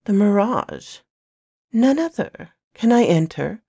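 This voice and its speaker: A woman's voice: medium pitch, sing-song, takes it slowly, vocal fry, dark tone, husky, dry recording, studio quality, voice pushed up, heavily acted. A woman voicing a haughty female enforcer who talks in a sneering, patronizing way in a storybook reading. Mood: mocking.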